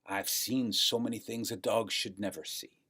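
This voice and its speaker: A man voicing an old, weary male talking dog in a joke, speaking low in a breathy half-whisper, soft and sentimental. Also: fairly even intonation, moderate pace. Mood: wistful. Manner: soft, sighing, sentimental telling.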